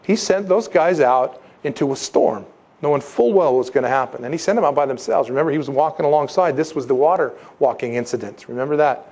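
A man preaching a sermon in a lively, conversational way, acting out quotes and asides. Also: mid-range voice, fast, husky. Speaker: pastor.

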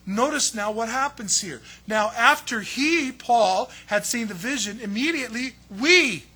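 A man preaching a sermon as pastor, telling the story with lively acted-out quotes. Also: very high-pitched, unhurried, slightly rough. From United States. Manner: animated storytelling, acts out quoted voices.

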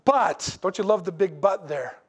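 A man preaching a sermon in a folksy, animated way, with asides to the congregation. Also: high voice, unhurried, a little hiss or hum. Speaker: pastor.

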